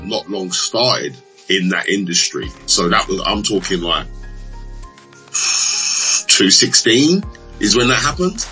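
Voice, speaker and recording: A young man chatting casually, telling animated stories and acting out arguments in raised voices. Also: on the low side, rough recording. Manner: animated storyteller, acts out quarrels in raised voices. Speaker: betting shop assistant manager. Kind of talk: casual chat.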